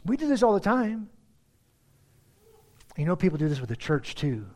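Lively high-voiced male pastor preaching. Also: normal speed. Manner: animated, acts out everyday dialogue in different voices; conversational, addresses the congregation directly. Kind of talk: sermon.

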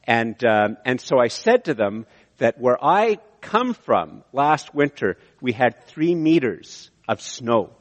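A man from Canada preaching a sermon, animated, with emphatic rises and frequent restarts. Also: medium pitch, slow, lo-fi sound. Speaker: pastor. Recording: reverberant hall from a distance.

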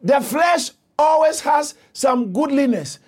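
A man preaching to his church in a strikingly high register. He drives his sermon with passion, often rising to a shout and hammering home repeated phrases. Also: expressive, slow pace.

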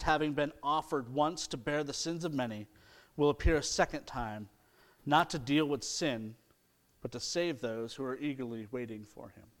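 A middle-aged man preaching an earnest sermon, reading scripture aloud and building to emphatic points. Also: mid-range voice. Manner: earnest preaching with rising emphasis and mocking quoted excuses. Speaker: pastor.

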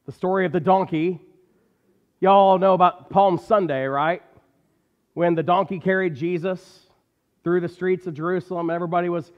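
A man delivers a sermon with an emphatic, repeating cadence. His voice sits a little high for a man. The long hall reverb and the dull, muffled sound make it feel like a church recording. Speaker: preacher.

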